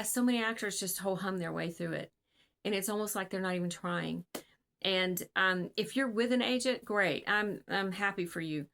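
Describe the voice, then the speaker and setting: A woman's voice: mid-range voice, fairly bright tone. A woman casting director giving casual advice to camera in an earnest, rambling way, full of ums and restarts, over a video call. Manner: rambling, filler-heavy and earnest.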